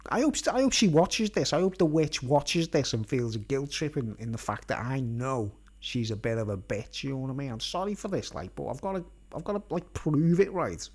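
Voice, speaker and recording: A man spins a rambling personal tale in casual, nonstandard slang. His pitch swoops and jumps lively as he talks. He keeps pausing to check in with his listeners. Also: slightly rough. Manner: colloquial, nonstandard grammar. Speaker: vlogger.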